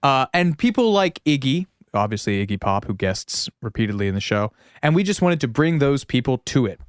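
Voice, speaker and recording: A man co-hosting a podcast, talking in a loose, rambling way that is full of filler words and the odd swear. His voice sits at an average pitch, and the sound is dry and close, with no room echo. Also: sing-song, fairly quick, smooth. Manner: rambling, riffing, with lots of "like" and swearing; laughs at his own jokes. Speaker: podcast co-host. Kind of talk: casual podcast chat.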